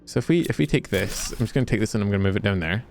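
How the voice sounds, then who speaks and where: Speaking very fast in a low, darkish, animated voice, a Scottish man banters with his stream while gaming. He jokes and swears freely over soft background music.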